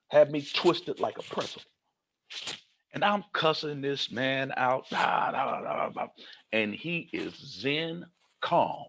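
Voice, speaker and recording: Gravelly man telling comic life stories. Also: mid-range voice, slight background noise. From Kentucky, United States. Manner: animated, comic, acts out dialogue. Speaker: motivational keynote speaker. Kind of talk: humorous storytelling keynote.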